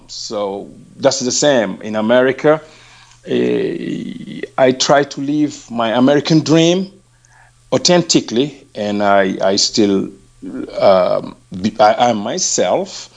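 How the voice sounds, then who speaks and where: A man's voice: fairly low pitch, a little mellow. A man with a West African accent, an interview guest speaking earnestly and reflectively, often restarting his sentences. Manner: earnest, halting with repeated restarts.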